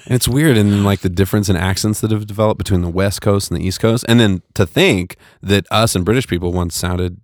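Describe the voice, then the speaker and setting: A man's voice: fairly low pitch, brisk, few pauses, no echo, studio quality. A man co-hosting a podcast in casual chat, rambling and self-deprecating, laughing a lot. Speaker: podcast co-host. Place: podcast studio.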